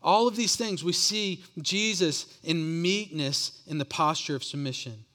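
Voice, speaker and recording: A man's voice: on the high side, a little slow, bright, forceful tone. A man preaching a sermon as pastor, earnest and often repeating words as he builds each point.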